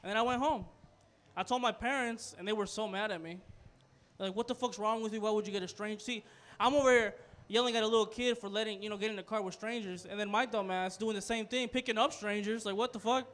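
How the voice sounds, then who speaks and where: A young man doing a stand-up set in a small comedy club, telling a story with quiet asides and loud punchlines. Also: sits high, brisk.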